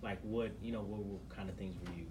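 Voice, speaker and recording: A man asking an interview question in a halting way, with plenty of fillers and restarts. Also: lowish voice, steady tone. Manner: halting, hesitant phrasing with fillers. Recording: distant mic with hiss.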